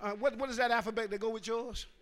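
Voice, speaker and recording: Male preacher, call-and-response sermon, church, very high pitch, rhythmic repetition, hushed then shouting. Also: fairly even intonation, fast talker. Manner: swings from hushed asides to shouted emphasis; rhythmic, repeats phrases and urges the crowd to answer.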